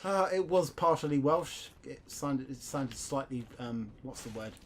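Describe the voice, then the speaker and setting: A man's voice: medium pitch, animated, unhurried, a little hiss or hum. A man co-hosting a let's-play, chatting casually and reacting to the game as he plays. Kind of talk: casual gameplay commentary.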